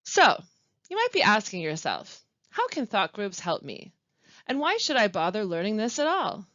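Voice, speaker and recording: A woman who works as a language support specialist, presenting a pronunciation webinar with clear, deliberate teaching and careful pauses. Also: medium pitch, huge pitch swings, a bit bright, dry recording. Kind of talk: instructional webinar narration. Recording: dull, lo-fi dry voice-over.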